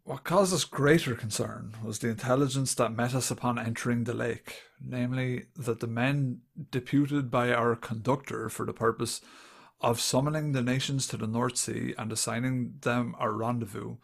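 A man's voice: mid-range voice, fairly even intonation, normal speed, creaky. A man co-hosting a podcast, crude and joking, sometimes reading old text aloud dramatically. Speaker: podcast co-host. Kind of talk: casual podcast banter.

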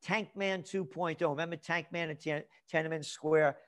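A man speaking as a guest trend forecaster in an interview, ranting angrily and profanely and breaking into shouts. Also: a little high, fairly even intonation, moderate pace. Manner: angry, profane, shouts in bursts. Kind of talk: heated interview rant.

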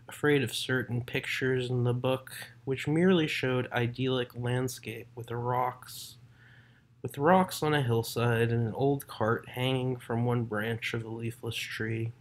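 Man reading a literary story aloud. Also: mid-range voice. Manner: measured, unhurried reading with brief self-corrections. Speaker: narrator.

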